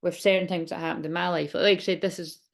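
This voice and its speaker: A woman's voice: lowish voice, fairly even intonation, fast talker, gravelly. A woman in her late thirties doing a chatty, rambling tarot reading vlog, hiccuping and a bit out of breath. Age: 30s. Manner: rambling, chatty, many restarts. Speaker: tarot reader.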